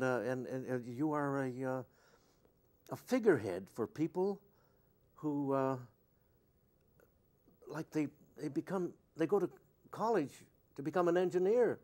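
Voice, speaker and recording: An older man sits for an interview and answers at length. He wanders from one anecdote to the next in an easy, conversational way, with his voice at an ordinary middle pitch. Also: a little mellow. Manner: rambling, anecdotal storyteller. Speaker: actor being interviewed.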